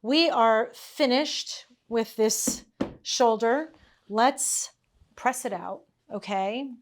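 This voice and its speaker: A middle-aged woman with a fairly high voice speaks extremely slowly while teaching tailoring in her workshop. She chats casually, tells anecdotes, laughs a lot, and keeps checking in with "okay?" and "all right?"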